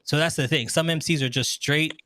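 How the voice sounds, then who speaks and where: A man hosting a casual show, talking in an animated, joking way and laughing often, on a close handheld microphone. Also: fairly high pitch, a little fast. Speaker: host and wedding MC. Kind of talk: casual talk show chat.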